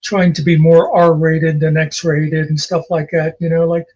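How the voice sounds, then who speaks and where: Male co-host, husky and a bit high, loose anecdotal delivery, muffled lo-fi recording. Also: little pitch movement, unhurried, a little mellow. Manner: rambling, anecdotal, with many fillers. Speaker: podcast co-host. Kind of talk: casual chat.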